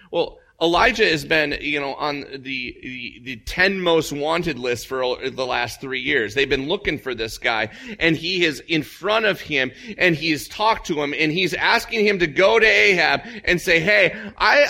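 Gravelly man preaching with animated storytelling. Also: medium pitch. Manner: animated storytelling, acts out voices with big jumps up. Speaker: pastor. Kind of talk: sermon.

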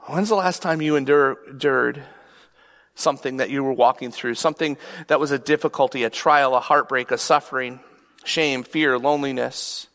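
A man's voice: medium pitch, normal speed, a bit bright. A man preaching a sermon in a conversational, emphatic way, often asking rhetorical questions. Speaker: pastor. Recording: long hall reverb.

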